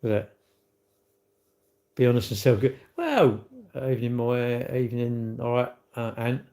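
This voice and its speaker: A man's voice: medium pitch, animated, moderate pace, mellow. A man doing a chatty live-stream host, rambling from one thought to the next in a blunt, offhand way. He laughs easily and talks to his viewers as if they were in the room. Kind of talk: casual live-stream chat, reading viewer comments.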